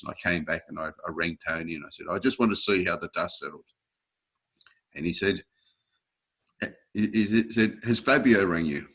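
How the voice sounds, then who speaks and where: Older man, very low voice, lively storyteller, chuckling, quoting others. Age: 60s. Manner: lively anecdotes, acting out quoted voices, frequent chuckles. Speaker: interview guest. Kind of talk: storytelling in a casual interview.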